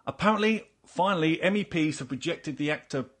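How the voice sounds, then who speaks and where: A man's voice: on the high side, brisk, a bit bright. A man hosting a casual panel podcast, chatty and teasing, often restarting his sentences. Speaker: podcast host.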